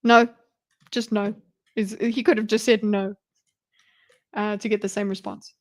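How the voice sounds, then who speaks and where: A woman's voice: mid-range voice, level tone, measured pace, no room sound. A woman streaming live commentary on a debate video, chatty and giggly, talking back to the clip.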